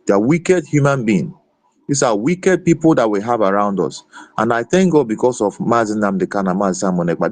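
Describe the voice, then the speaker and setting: A man's voice: on the low side, no echo. A man speaking passionately in a live audio room, often restarting and repeating words as he gets heated. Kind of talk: impassioned political speech.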